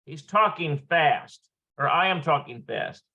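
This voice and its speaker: A man's voice: fairly high pitch, expressive, a little slow, gravelly, lo-fi sound. A man working through a Hebrew vocabulary lesson aloud, thinking as he goes and checking his pronunciation.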